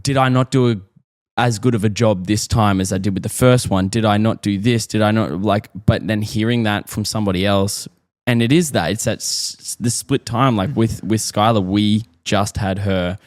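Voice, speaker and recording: A man's voice: fairly low pitch, moderate pace, no echo, clean studio sound. An Australian man in his thirties, a father chatting casually and earnestly on a parenting podcast, rambling as he talks things through. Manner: rambling, earnest, self-questioning. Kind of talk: casual chat.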